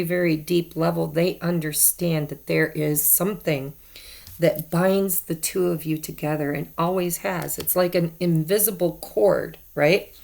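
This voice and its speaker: A woman's voice: lowish voice, gravelly, darkish tone. A woman giving a casual tarot card reading to her viewers, chatty and repeating herself for emphasis. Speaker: tarot reader.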